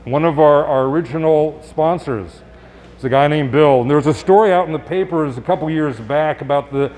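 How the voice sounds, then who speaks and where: A male doctor giving a live presentation to an audience, speaking conversationally with quick asides and rhetorical questions. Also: on the high side, darkish tone, slight background noise. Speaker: physician giving a health talk. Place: public event space.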